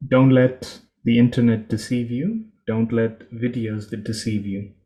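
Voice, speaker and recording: A man hosting a reaction video, speaking in a calm, measured, moralizing way. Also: mid-range voice. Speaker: host. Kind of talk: reaction commentary.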